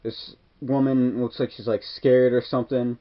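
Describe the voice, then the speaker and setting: A man's mid-range, level voice moves at normal speed through a casual movie recap. The reviewer rambles through the scenes with a steady stream of "like" and "kinda," captured in dull lo-fi.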